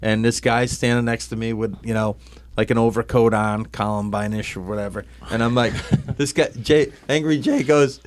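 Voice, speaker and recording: A man's voice: mid-range voice, fairly even intonation, moderate pace. A man co-hosts a laid-back sports podcast. His voice sits mid-range, and he spins long anecdotes, slipping into the voices of the people in them. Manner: storytelling, acts out quoted voices, laughs while telling. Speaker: podcast co-host. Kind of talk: casual sports podcast banter.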